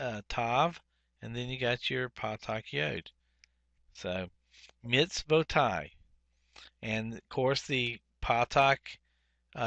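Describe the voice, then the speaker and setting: A man teaching a Biblical Hebrew workbook lesson, speaking deliberately and saying each Hebrew word twice, with frequent "uh" fillers. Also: mid-range voice, a bit bright, no echo. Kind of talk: workbook lesson, explaining grammar.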